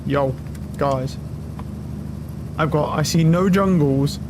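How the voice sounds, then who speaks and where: Young man streaming, swearing excitably. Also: fairly high pitch, slow, noisy background. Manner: loud, swearing, excitable, talks to chat and a friend. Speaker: game streamer. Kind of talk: casual live-stream commentary. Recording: game music loud behind voice. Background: game music.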